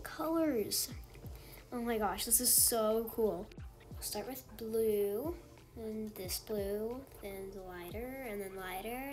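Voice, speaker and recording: A woman giving casual gameplay commentary in an excitable way, gasping and exclaiming often. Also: mid-range voice. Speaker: gaming channel host.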